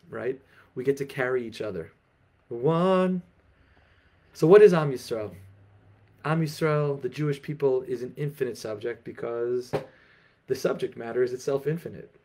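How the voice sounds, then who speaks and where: A man giving an animated Torah lecture and telling stories emphatically at an online festival. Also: medium pitch, creaky. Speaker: Torah teacher.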